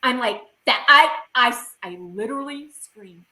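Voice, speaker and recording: Bright-voiced woman telling an emotional story. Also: on the high side, big pitch swings, moderate pace, few pauses, roomy sound, poor audio. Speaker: guest. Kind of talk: recounting a personal experience in an interview.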